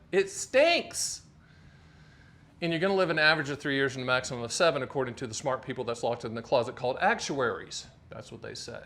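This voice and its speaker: Jokey, emphatic middle-aged male host. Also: medium pitch. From North Carolina, US. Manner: jokey, animated, emphatic repetition. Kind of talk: casual talk to camera.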